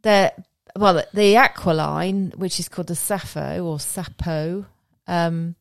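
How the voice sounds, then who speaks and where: A chatty woman co-hosting a casual podcast. Her voice sits a little low for a woman and is recorded dry and close. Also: fairly even intonation, a little slow, vocal fry, no room sound. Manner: chatty, laughs often. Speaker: podcast co-host. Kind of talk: casual chat.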